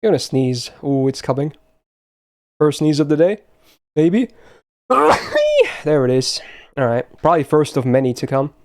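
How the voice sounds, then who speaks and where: A man's voice: mid-range voice, a little slow, pauses often, mellow. A young man chatting casually on a live stream, blunt and swearing often as he talks to his chat.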